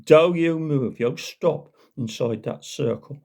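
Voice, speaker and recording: A man's voice: on the high side, takes it slowly, gravelly, a little mellow, pitched above the performer's own voice, exaggerated voice. A man doing a bullying Black Country constable. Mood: threatening. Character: bullying petty male village constable, shouty.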